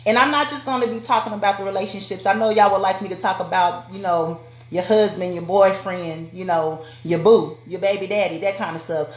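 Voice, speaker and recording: A woman's voice: medium pitch, fairly even intonation, fairly quick, few pauses. A woman giving a motivational live-stream talk to women, speaking directly and preacherly and calling out to her viewers. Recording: echoey room.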